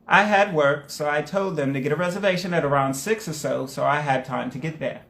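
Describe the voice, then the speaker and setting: Guy cohosting a chill podcast, kinda high voice, reads posts out, roomy sound. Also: brisk, creaky, a bit bright. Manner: playful, reads steadily then jokes. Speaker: podcast co-host. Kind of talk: casual chat, reading posts aloud. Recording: roomy echo.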